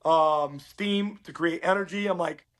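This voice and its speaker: A middle-aged man from Uruguay, a podcast guest, telling his story in a casual, animated way and acting out quoted dialogue. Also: on the high side, a little slow.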